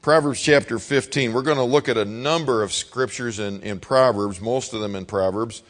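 A man's voice: mid-range voice, moderate pace. Folksy middle-aged male preacher. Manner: folksy, conversational, acts out his father's shouting. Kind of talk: sermon with personal storytelling.

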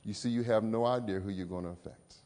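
A middle-aged male pastor preaching a sermon. He tells personal stories emotively, rising high and loud, then dropping low and soft. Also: fast.

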